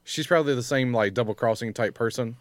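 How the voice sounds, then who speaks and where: A man's voice: medium pitch, quick pace, no room sound. A man co-hosting a casual chat, joking and laughing through the banter.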